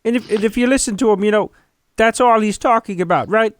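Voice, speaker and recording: A man's voice: high voice, fast talker, no room sound, clean studio sound, close to an everyday voice. A man voicing an intense, tearful male psychologist who lectures earnestly and swears mildly. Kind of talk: comedic impression.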